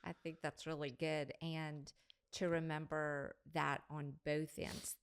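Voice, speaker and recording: An older woman hosting a parenting podcast, giving measured, thoughtful advice in a casual discussion. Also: deep voice, little pitch movement, smooth. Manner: measured, thoughtful, drops softer when quoting parent-child talk.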